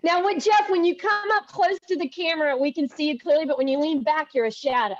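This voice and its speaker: A woman's voice: high-pitched, no echo. A woman with a Southern accent co-hosting a livestream, chatting casually with lots of fillers and restarts. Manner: chatty, halting with many fillers. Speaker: podcast co-host. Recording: dull lo-fi stream audio.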